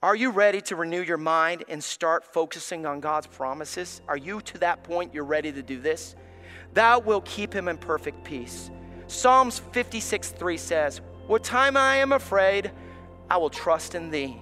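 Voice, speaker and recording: A man, preaching a sermon as pastor, swinging from hushed tones to shouts. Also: fairly high pitch, lively intonation, measured pace, faint music behind.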